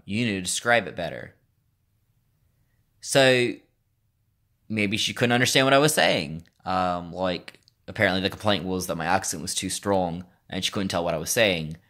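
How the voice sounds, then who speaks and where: A man's voice: low voice, a bit bright. A man from the United States, chatting casually and wryly in a put-on Russian accent while telling a story to his viewers. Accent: Russian-style put-on accent. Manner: chatty, rambling, wry. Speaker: vlogger.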